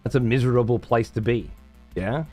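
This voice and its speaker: A man's voice: mid-range voice, moderate pace, darkish tone, faint music behind. A man hosting a livestream from his room at home, chatting casually with viewers in profane, sarcastic banter. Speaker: livestream host.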